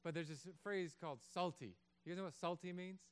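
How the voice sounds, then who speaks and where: A pastor in his thirties preaches with a high, smooth, resonant voice. He jokes and acts out little voices as he goes. The sermon is given in a church. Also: fairly quick. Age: 30s. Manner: animated, joking, acts out voices.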